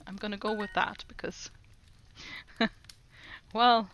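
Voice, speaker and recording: A woman's voice: mid-range voice, steady tone, slow, a bit bright, a little hiss or hum. A woman streamer chatting casually while doing language lessons, repeating foreign phrases aloud and giggling often.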